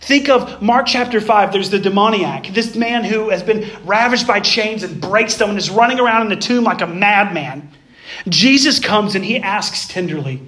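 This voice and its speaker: High-voiced man preaching with emphasis. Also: expressive, normal speed. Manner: emphatic preaching, swings from loud to hushed; addresses listeners as "guys". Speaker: pastor. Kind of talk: sermon.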